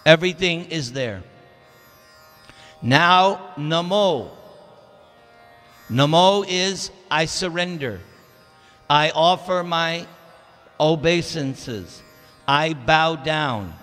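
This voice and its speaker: Bright-voiced man lecturing in a temple hall. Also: a little high. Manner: emphatic, drawn-out teaching delivery. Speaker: temple class speaker. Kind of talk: scripture class lecture. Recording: reverberant temple hall with faint music.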